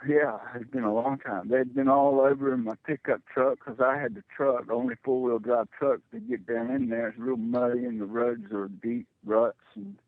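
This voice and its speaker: A middle-aged man telling a personal story as a radio guest, halting and repeating words when it gets tense. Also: medium pitch, fairly even intonation, dry recording. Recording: tinny phone line, dry.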